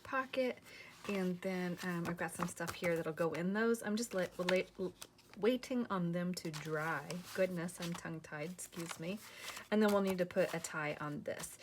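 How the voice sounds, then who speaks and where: A woman's voice: mid-range voice, slight background noise. A tired woman hosting a crafting channel, chatting casually and rambling to viewers as she works on a journal. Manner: chatty, rambling, talks to viewers while working.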